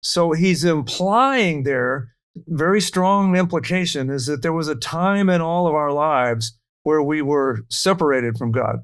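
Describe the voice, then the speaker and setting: A man's voice: a little high, a little slow, smooth. A man leading a verse-by-verse Bible study, explaining scripture earnestly and reading verses aloud.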